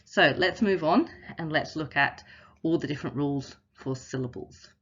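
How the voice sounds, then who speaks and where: A woman teacher explaining a spelling lesson patiently, step by step, saying example words slowly and clearly. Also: low voice, fairly bright tone, muffled recording. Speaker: literacy teacher. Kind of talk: instructional video explanation.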